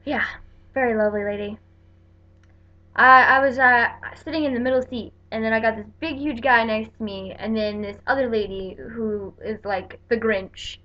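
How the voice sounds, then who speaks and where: A woman's voice: fairly high pitch, normal speed, hardly any pauses. A young woman from the northeastern United States telling a chatty vlog story, acting out the people she quotes. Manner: chatty, animated quoting of people. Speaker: vlogger. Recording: dull lo-fi webcam audio.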